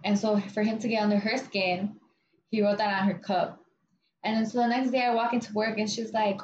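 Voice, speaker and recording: A woman's voice: mid-range voice, fairly quick, echoey room. A young woman vents about a coworker in loose, profane casual chat, packed with "like" and "dude". The room rings around her and the sound is dull with a faint hiss. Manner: blunt, profane, full of "like" and "dude"; animated retelling of workplace drama.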